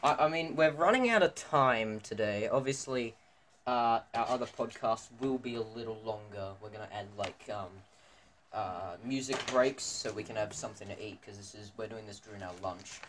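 A man's voice: lowish voice, moderate pace, fairly bright tone. Teen male podcast co-host, rambling storyteller, faint background hiss. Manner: rambling storyteller with many fillers and restarts. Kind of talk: casual podcast chat among students.

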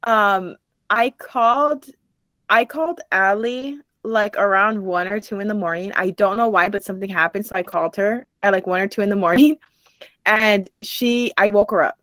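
A young woman co-hosting a podcast, telling a story in casual chat with lively acted-out dialogue and frequent laughter. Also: medium pitch, normal speed, dry recording. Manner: animated storytelling, acts out quoted dialogue, laughs often. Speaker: podcast co-host. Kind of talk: casual chat recapping a TV show.

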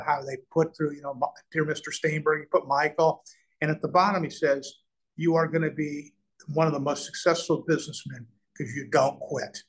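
A middle-aged man from Nebraska recounts his deals in a lively interview, voicing the people he quotes. His voice sits a little high, and he often restarts his sentences while the story runs. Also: low-quality recording. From Nebraska, USA. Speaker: real estate developer, guest.

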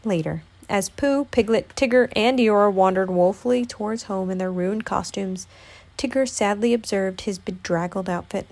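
A woman narrating a children's storybook, reading with an expressive, lively touch. Her voice sits at an everyday mid pitch. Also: moderate pace. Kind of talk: storybook read-aloud.

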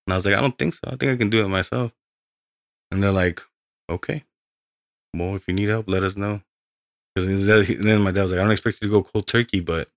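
Gravelly fast-talking young dude rambling and cussing, dry close mic. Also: male voice, low voice, no echo, highs cut off. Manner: rambling, heavy swearing. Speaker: podcast guest. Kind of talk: casual storytelling.

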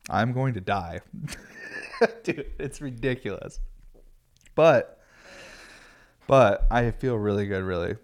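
A man in his thirties, tired and a bit raspy, rambling casually and swearing freely as he hosts a podcast from his glass studio. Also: fairly low pitch, slow, pauses often. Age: 30s. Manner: rambling, profane, laid-back.

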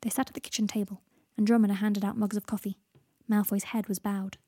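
A woman reading a story aloud as narrator, steady and measured. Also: mid-range voice, husky, no echo, clean studio sound. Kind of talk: audiobook reading of fan fiction.

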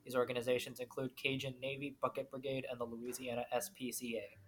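A low-pitched woman co-hosts a casual podcast, swearing freely and joking around. She reads news items in a flat, quick voice. A faint hiss sits under the recording. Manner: profane, jokey, reads news aloud. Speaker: podcast co-host. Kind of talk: casual chat.

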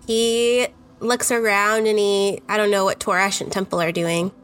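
A woman playing in a tabletop game, excitable and giggly, rambling as she narrates her character. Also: medium pitch, normal speed, faint music behind. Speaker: player. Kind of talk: tabletop role-play chat.

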